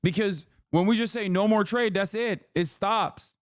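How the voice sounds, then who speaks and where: A man's voice: sits high, unhurried, dry recording, studio quality. A man streaming a reaction video, giving heated, sarcastic political commentary full of swearing.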